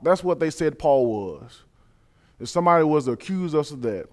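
A man delivering a sermon, moving from calm scripture reading to loud, high-pitched preaching. He repeats key phrases for emphasis, and his voice swings widely in pitch and volume.

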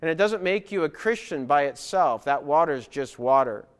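A man delivers a sermon from a church pulpit, his voice sitting a little on the high side. He is earnest and emphatic, driving his points home by repeating them. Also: expressive, normal speed, smooth. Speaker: preacher. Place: church with baptistry.

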